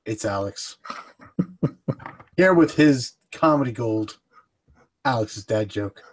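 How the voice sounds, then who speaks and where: A man's voice: mid-range voice, expressive, slow, a little hiss or hum. Playful man hosting a podcast. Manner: playful, mock-formal, stumbling restarts. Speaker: podcast host. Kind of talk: casual comedy podcast chat.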